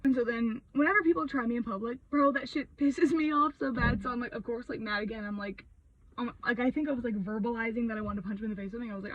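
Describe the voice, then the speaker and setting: A young woman vlogger ranting a story in a heated, sweary, expressive way, full of fillers. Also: fairly high pitch, very fast, distant mic, dull audio.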